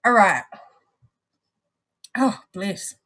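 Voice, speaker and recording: A woman's voice: mid-range voice, expressive, very slow, a bit bright, slightly rough. A woman with a New Zealand accent, co-hosting a casual chat and explaining things at length with lots of restarts. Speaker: vape show co-host.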